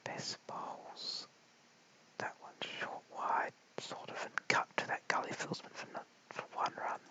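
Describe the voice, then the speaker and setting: A man's voice: measured pace, rough recording. Whispering Australian man calling cricket. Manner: hushed, apologetic, chats with viewers between balls. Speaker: live stream cricket commentator. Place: at home late at night. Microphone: held very close to the mouth.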